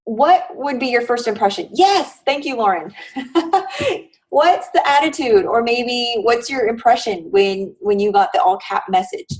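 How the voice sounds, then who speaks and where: A woman's voice: on the high side, lively intonation, measured pace, a little mellow. A woman with a slightly raised voice teaches a live online class over a video call, talking conversationally and often checking in with her students. She sounds a little far from the microphone. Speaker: online course instructor.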